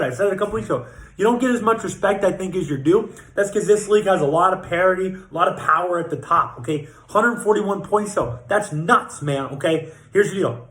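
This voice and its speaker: A man's voice: high voice, fairly bright tone. A man giving comedic fantasy football power rankings, trash-talking teams in crude, profane language and often tagging lines with "okay?". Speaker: fantasy football league commissioner. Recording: echoey room.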